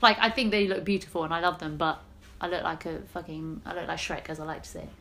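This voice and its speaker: A podcast co-host in her late twenties tells stories in a casual chat, laughing a lot. Her voice is on the low side, steady and a bit bright, and she talks at a quick pace.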